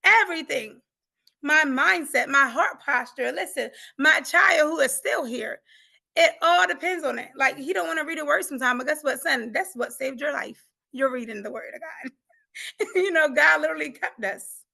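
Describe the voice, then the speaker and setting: Woman guest sharing her story, high voice with some gravel, earnest and emphatic. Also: moderate pace, bright, forceful tone. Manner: earnest and emphatic, laughs through pain. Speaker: podcast guest, coach. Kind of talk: emotional personal testimony.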